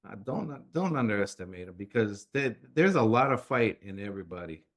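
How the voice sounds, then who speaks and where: A middle-aged man, a coach and author, telling animated stories as an interview guest and acting out the dialogue he quotes. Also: fairly low pitch, a little fast. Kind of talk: conversational storytelling interview.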